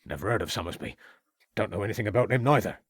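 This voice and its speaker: A man voicing a surly, aggressive farmer in an audiobook, defiant, with rough rural grammar. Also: on the low side, lively intonation, quick pace, dry recording, clean studio sound. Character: surly, aggressive male country farmer under questioning. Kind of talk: audiobook character voice.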